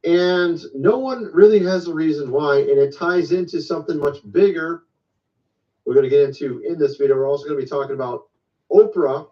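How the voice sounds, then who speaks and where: A man's voice: a little high, fairly quick. A man from Michigan hosting a casual online commentary, rambling in a conspiratorial tone. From Michigan, USA. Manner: conspiratorial, rambling, lively delivery. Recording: distant, muffled lo-fi sound.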